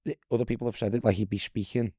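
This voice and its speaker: A Scouse man with a fairly low voice tells stories in a loose, chatty way, swearing freely and calling people lad. The sound is dry and close, with no room around it. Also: fairly even intonation, very fast, mellow, husky, no echo. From Liverpool, England. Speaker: guest, former footballer. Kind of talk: casual storytelling chat.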